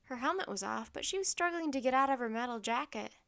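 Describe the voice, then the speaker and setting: Bright-voiced woman reading a storybook. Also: high-pitched, lively intonation, fast talker. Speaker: storybook narrator. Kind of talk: children's book read-aloud.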